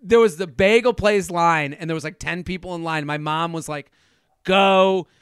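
A man's voice: a little high, a little fast, clean tone, no room sound, studio quality. A man who is a comedian guest, telling casual stories in a rambling, self-interrupting way and laughing often. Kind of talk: casual storytelling.

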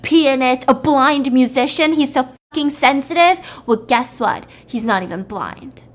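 A woman voicing a betrayed young woman who snaps sarcastically and shouts. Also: high-pitched, measured pace. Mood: furious.

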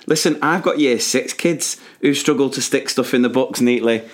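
Chatting animatedly on a casual podcast, this co-host, a primary teacher, vents and laughs often. He speaks at normal speed in a mid-range voice.

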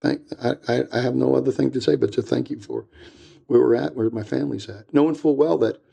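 Gravelly older man, earnest and reflective. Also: medium pitch, steady tone, a little fast, mellow. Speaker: guest speaker. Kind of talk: casual podcast conversation.

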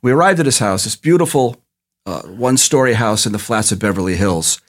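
A man, a TV producer, telling a detailed story as a podcast guest in an even way. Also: on the low side, fairly quick.

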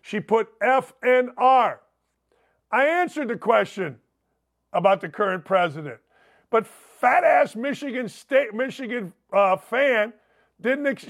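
A man's voice: very high voice, expressive, measured pace, vocal fry. An older man hosting a sports radio show, ranting in a sarcastic, mocking monologue and reading out listener messages. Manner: reads listener messages aloud. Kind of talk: opinionated talk radio monologue.

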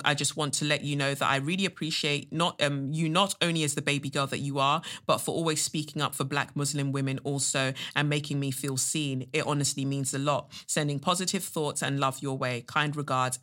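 Woman, podcast host, bright voice, blunt and casual, swears freely. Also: deep voice. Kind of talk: casual monologue, reading a listener letter.

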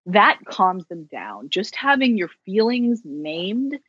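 Slow and sing-song at medium pitch, her voice carries a breathy edge. A social worker guesting on a podcast, she talks candidly and with self-deprecating humor in casual interview style, captured with no room sound and the highs cut off.

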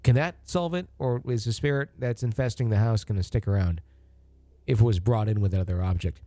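A man's voice: on the low side, a little fast, mellow, dry recording. Dry-voiced joking male podcast host. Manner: rambling, joking, many fillers. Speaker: podcast co-host reading listener stories. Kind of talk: casual chat and story reading. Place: home studio.

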